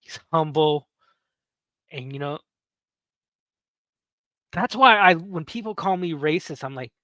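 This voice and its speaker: A podcast host in his thirties with a bright, forward voice that sits a little high for a man. He tells his story casually and animatedly, with loose swearing and easy laughter. The sound is close and dry. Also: animated, takes it slowly, long pauses, no room sound. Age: 30s.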